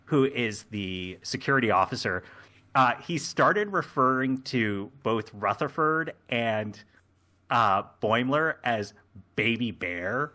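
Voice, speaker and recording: A man co-hosting a podcast, talking in a casual, rambling way with plenty of fillers. His voice is bright and forceful at a middle pitch, and he acts out scenes as he goes. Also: animated, slow. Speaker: podcast co-host. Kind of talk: casual chat recapping a show.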